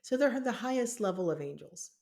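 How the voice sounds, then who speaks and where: A woman co-hosting a spiritual podcast, telling stories in a casual, animated way and laughing often. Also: medium pitch, brisk, creaky. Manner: animated storytelling with frequent laughs. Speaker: podcast co-host, spiritual healer. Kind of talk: casual conversational chat.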